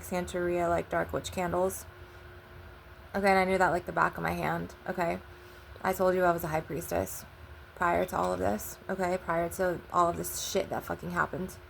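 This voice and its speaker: An adult woman who hosts a channel tells a personal story in a casual, rambling way, swearing often and retelling conversations with "I'm like" and "he was like." Her lowish voice is gravelly, with slight background noise behind it.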